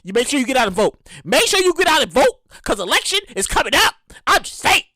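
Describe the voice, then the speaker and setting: A woman hosts her own podcast, ranting through a casual, profane monologue as an animated storyteller. Her voice sits high and she talks fast. The recording is dry, with clean studio sound.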